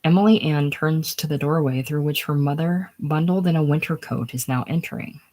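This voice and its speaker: Screenplay reader, plain and unhurried, middle pitch, drops to a whisper at times. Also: darkish tone. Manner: plain, unhurried reading of stage directions, sometimes dropping to a whisper. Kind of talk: casual screenplay reading.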